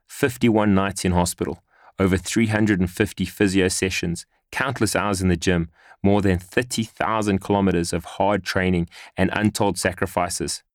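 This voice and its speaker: A man reading a first-person memoir in a measured, earnest storytelling manner. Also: low-pitched, fairly even intonation, dry recording, studio quality. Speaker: narrator.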